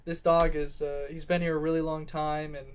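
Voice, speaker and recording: A man's voice: on the high side, little pitch movement, normal speed, clean tone, close to an everyday voice. A man voicing a friendly, earnest male shelter worker who stumbles through reassurances.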